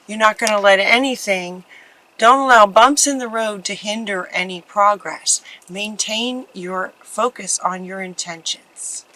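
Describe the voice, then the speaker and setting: A woman reading tarot cards for viewers, earnest and tender, often halting and restarting mid-sentence. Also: medium pitch, sharp tone, rough recording. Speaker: tarot card reader. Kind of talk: pick-a-card tarot reading.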